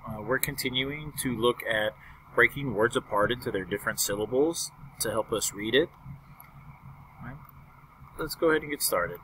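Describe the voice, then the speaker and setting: A man's voice: mid-range voice, moderate pace, pushed and bright, slight background noise. A young man teaching a recorded fourth-grade lesson, upbeat and patiently explaining step by step.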